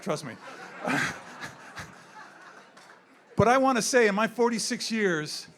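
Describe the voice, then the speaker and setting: A man in his sixties who works with zoo animals gives an off-the-cuff gala speech on a handheld mic in an indoor event room. He's candid and rambling, repeating himself, in a high-pitched, slightly bright voice with a little background noise.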